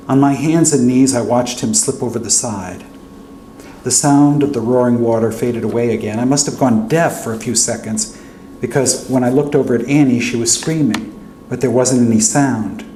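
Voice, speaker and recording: A man's voice: medium pitch, moderate pace. Man reading his novel in an echoey hall. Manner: steady first-person narration. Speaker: author. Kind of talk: reading his fiction aloud. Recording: echoey hall with faint hum.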